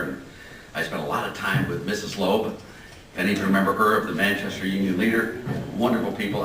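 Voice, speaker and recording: In a lecture hall, an older guest speaker with a low, slightly bright voice delivers a folksy talk, chuckling through his stories. He's recorded from far off, so the hall sounds roomy, and faint noise is present.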